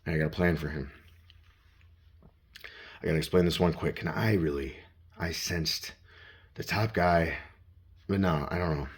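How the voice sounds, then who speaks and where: A man's voice: low voice, normal speed, pauses often, slightly rough. A man vlogging as he walks around his home, rambling and swearing as he talks to himself in the second person. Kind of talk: rambling self-talk vlog. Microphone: handheld phone.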